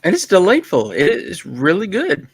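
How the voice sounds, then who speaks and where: A man co-hosting a casual livestream, joking and telling stories in a lively way. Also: sits high, moderate pace, slightly rough. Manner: joking, storytelling, animated. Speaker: livestream co-host.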